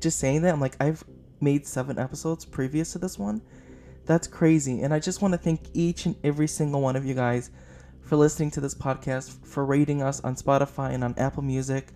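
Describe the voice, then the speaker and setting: A man's voice: mid-range voice, dark tone, a little hiss or hum. A man hosting a casual podcast film review, rambling and gushing with many fillers, tired and up late. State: short on sleep, up late. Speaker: podcast host.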